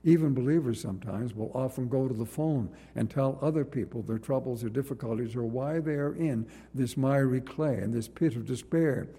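A preacher with a very dark, somewhat husky, medium-pitched voice delivers a sermon in a measured, earnest cadence, leaning on repeated phrases. His words ring with a long reverb, as though in a large church hall.

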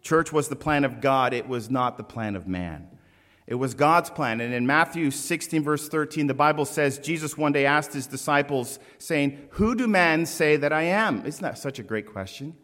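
Emphatic pastor preaching in a reverberant church. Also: male voice, fairly high pitch, lively intonation, fairly bright tone. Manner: emphatic, slow deliberate phrasing with asides to the congregation. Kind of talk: sermon. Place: church sanctuary. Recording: long reverb of a church hall.

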